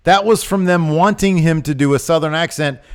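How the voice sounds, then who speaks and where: A man's voice: a little high, moderate pace, clear, resonant tone. A man co-hosting a casual wrestling podcast, getting worked up and exasperated as he talks. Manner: animated, gets worked up and exasperated. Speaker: podcast co-host.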